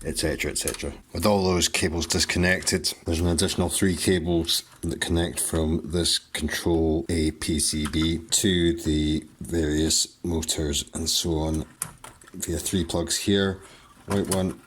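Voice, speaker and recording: A man with a low voice walks through a hands-on repair tutorial as host of his channel. He talks in short, clipped phrases, one step at a time, and a faint hiss sits under him. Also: level tone, measured pace.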